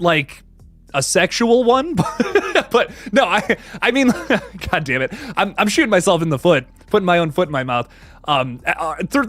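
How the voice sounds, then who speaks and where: Male streamer host, casual and chatty, bright high voice that swings a lot, dry sound. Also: dry recording. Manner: chatty, laughs often, greets chat viewers. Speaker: livestream host. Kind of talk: casual horror movie livestream chat.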